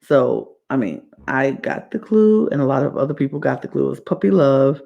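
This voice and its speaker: A woman's voice: a bass voice, lively intonation, moderate pace, creaky, warm tone, muffled recording. A woman hosting a podcast, recapping a reality show in a casual, rambling way and often repeating herself. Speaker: podcast host.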